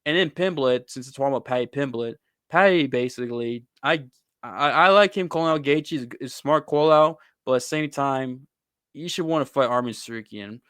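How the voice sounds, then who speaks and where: A man's voice: mid-range voice, moderate pace, a bit bright, clean tone, no room sound, studio quality. A man hosting a casual sports talk show, giving blunt, opinionated takes on fighters and often calling people "bro". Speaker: host.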